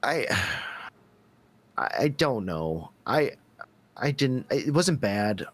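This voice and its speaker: A man's voice: mid-range voice, big pitch swings, slow pace. A man co-hosting a wrestling podcast in casual chat, laid-back and joking, often restarting his sentences. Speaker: podcast co-host.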